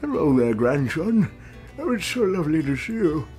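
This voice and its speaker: A man voicing an elderly male elephant grandfather with a deep, warm, inviting voice that rambles about the old days. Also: sing-song, moderate pace, faint music behind. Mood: warm, grumbling.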